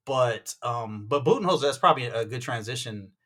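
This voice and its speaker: A man's voice: mid-range voice, animated, brisk, a bit bright. A man co-hosting a casual sports podcast, rambling into tangents and acting out quoted people. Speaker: podcast co-host.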